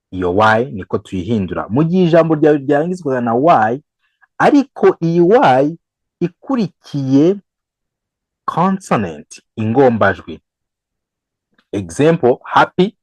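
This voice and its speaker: A man teaching English grammar, switching between English and Kinyarwanda and repeating each example slowly. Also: medium pitch, no room sound, poor audio. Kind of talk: bilingual grammar lesson.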